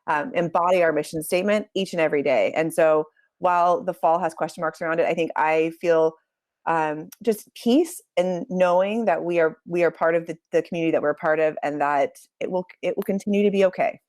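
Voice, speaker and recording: Woman school staffer on a video call; lowish voice, sincere and heartfelt, dry close sound. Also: brisk, darkish tone, dry recording. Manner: earnest, heartfelt, thoughtful. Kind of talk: casual online community talk.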